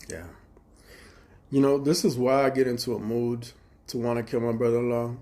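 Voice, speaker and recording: A man in his forties on a live stream, telling rambling, profane stories with reenacted quarrels and sometimes trailing off into low mutters. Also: level tone, normal speed, warm tone. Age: 40s. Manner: profane, agitated storytelling with reenacted dialogue. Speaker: livestreamer.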